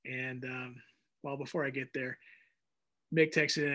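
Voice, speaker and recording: A man's voice: medium pitch, measured pace, long pauses. A man preaching a sermon, telling personal stories animatedly and acting out his own dialogue. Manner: animated storyteller, acts out dialogue in raised voice. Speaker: pastor.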